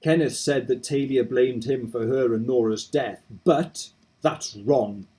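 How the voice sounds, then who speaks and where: A man reading aloud in his own voice as a determined young game hero, steady and earnest. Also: mid-range voice, a little slow, husky, low-quality recording. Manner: steady, earnest narration of resolve.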